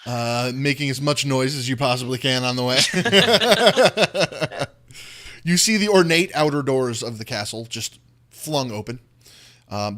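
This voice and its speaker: A man running a tabletop role-playing game as dungeon master, setting scenes with slow, descriptive narration. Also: medium pitch, a bit bright.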